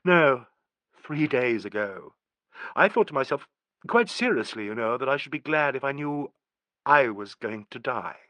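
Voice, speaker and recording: A man voicing a tense, brooding young woman in an audiobook, with a deep voice and falling inflection and a bitter edge. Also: animated, a little slow, pushed and bright, dry recording. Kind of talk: audiobook character reading.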